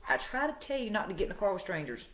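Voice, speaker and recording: A woman's voice: mid-range voice, big pitch swings, racing, fairly bright tone. A woman recounting the words of a jealous girlfriend who scolds bluntly and doesn't back down. The voice stays close to the narrator's own plain speaking voice. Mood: scolding. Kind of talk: quoted dialogue in a spoken story.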